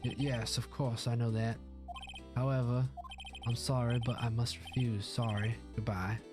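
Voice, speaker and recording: A man voicing a pompous, evasive older male lawyer with a put-on Southern drawl, clearing his throat and stammering excuses, over game music. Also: mid-range voice, flat delivery, normal speed, lightly acted. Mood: apologetic.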